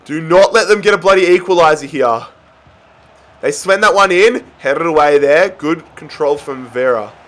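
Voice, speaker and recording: A young man giving excited, often yelled commentary on his own football video game match. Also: a little high, normal speed. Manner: excitable, yells at big moments. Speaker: gaming YouTuber.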